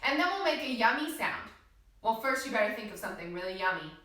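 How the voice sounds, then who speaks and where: A woman leading a children's yoga class, gently encouraging the kids and asking them questions as she guides their breathing. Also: a little high, very animated, fast. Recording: very echoey room from a distance.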